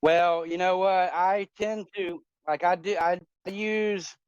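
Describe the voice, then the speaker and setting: Speaking slowly in a high-pitched, clear, resonant voice with fairly even intonation, a man in his forties chats casually by phone on a voice chat app. He rambles with frequent fillers and restarts, and the dull lo-fi phone audio has no room sound.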